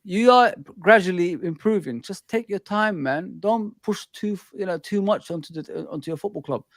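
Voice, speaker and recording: A man's voice: sits high, normal speed, dry recording, clean studio sound. A man hosting a football chat show, talking in laid-back, opinionated, slangy banter. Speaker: host of a football reaction show. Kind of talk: casual chat.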